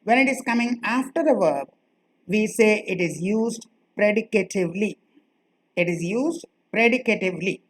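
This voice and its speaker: A woman teaching a grammar lesson, speaking slowly and repeating key phrases for her students. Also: medium pitch, expressive, a little hiss or hum, rough recording. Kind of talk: classroom lecture.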